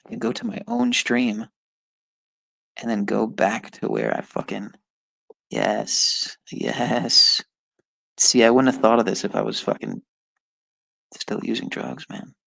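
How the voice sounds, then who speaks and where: Gravelly-voiced man muttering swears. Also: medium pitch, big pitch swings, slow pace, pauses often, a bit bright, no room sound, rough recording. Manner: frustrated, swearing, muttering to himself; talks to his viewers. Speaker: streamer. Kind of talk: casual live-stream talk while taking an online test.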